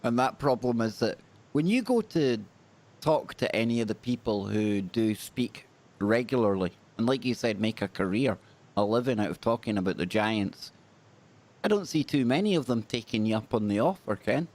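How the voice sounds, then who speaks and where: Male podcast host, casual chat, jokey and punning, mid-pitched voice. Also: animated, moderate pace, darkish tone. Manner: jokey, self-deprecating, punning.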